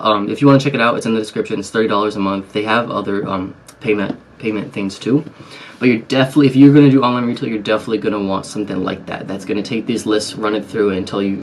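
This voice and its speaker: A man with a lowish voice, a YouTube business vlogger, casually explains an online selling method to his viewers in a tutorial-style chat. He rambles, using lots of fillers and restarting sentences, with slight background noise.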